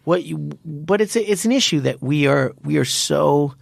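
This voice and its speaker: Podcast host, male, gravelly voice, dry close mic, animated storyteller who restarts a lot. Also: a little high, moderate pace, dry recording. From United States. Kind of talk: casual podcast chat.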